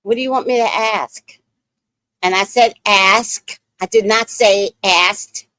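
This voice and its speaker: A woman's voice: on the high side, moderate pace, no room sound. A woman with a New York accent hosting a live stream, chatting bluntly and swearing freely. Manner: chatty, blunt, profane, laughs often. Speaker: livestream host. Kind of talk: casual live-stream commentary.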